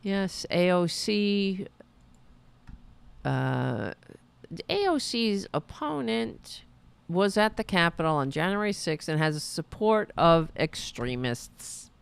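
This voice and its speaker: Woman host, mocking political commentary, bouncy pitch, drawn-out delivery. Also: very animated, gravelly, clean tone. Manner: mocking, sarcastic asides. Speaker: podcast host.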